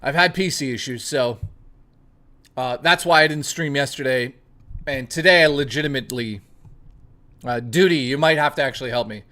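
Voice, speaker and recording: Speaking at a moderate pace with frequent pauses, this young man has a mid-range voice that sounds pushed and bright. He's on a livestream, reading out viewer messages and riffing on them in a loose, heavily profane way. It's casual stream chatter.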